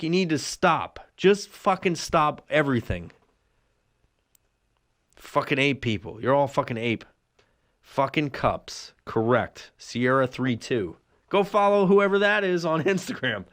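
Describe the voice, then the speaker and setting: A man hosting a solo podcast, rambling through a profane, crude rant. His voice sits a little high and shoots up further when he fires off rhetorical questions. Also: unhurried. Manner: profane, crude and animated, heavy swearing; jumps up in pitch when ranting rhetorical questions. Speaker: podcast host.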